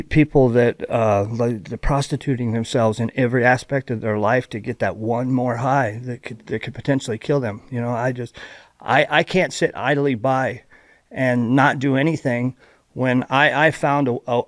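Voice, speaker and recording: A man from Ohio speaking as a podcast guest, telling his recovery story in a halting, heartfelt way with many restarts. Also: medium pitch, no room sound. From Ohio, USA. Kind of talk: candid personal recovery story.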